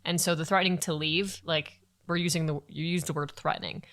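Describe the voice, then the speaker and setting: Woman co-host, low pitch, bright tone, affirming and reflective. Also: fairly even intonation, brisk. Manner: affirming, sums up and reflects back. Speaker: podcast co-host. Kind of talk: casual supportive chat.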